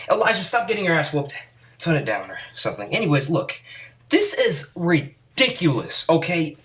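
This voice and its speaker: A woman's voice: sits low, a little hiss or hum. Profane, exasperated woman ranting about games. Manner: profane, exasperated, rambling with restarts. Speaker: gaming YouTuber. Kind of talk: angry gaming rant. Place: at home, sitting down.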